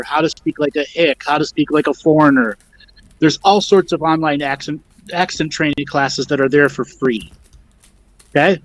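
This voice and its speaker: A man's voice: on the high side, rough recording. A man hosting and teaching on a spiritual talk show, directive and emphatic, often checking in with okay. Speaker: host and teacher. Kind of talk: guiding spiritual discussion.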